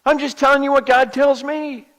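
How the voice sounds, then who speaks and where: A male pastor voicing an angry prophet leader, scolding with rhetorical questions, louder and higher than his narration. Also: flat delivery, normal speed. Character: stern angry prophet leader, older man. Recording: long hall reverb.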